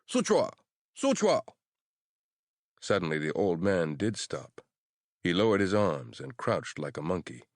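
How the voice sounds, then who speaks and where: Deep-voiced male audiobook narrator. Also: normal speed, no room sound, clean studio sound. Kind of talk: scripted horror narration.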